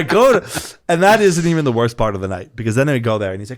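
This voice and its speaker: Profane, animated storytelling man. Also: mid-range voice, racing, few pauses. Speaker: podcast co-host. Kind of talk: casual storytelling chat.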